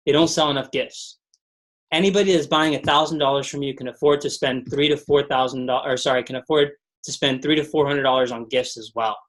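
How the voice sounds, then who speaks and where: A man's voice: fairly high pitch, a bit bright. A man leading a motivational sales training call, telling stories and repeating mantras with energy.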